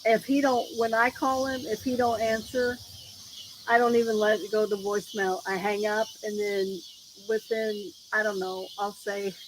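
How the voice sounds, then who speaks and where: A woman's voice: medium pitch, flat delivery, normal speed, noisy background. A woman chatting casually on a livestream from outdoors, telling rambling stories and acting out what other people said, recorded on a phone. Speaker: livestream host. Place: outdoors near a road at night with insects. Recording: crickets and insects loud behind.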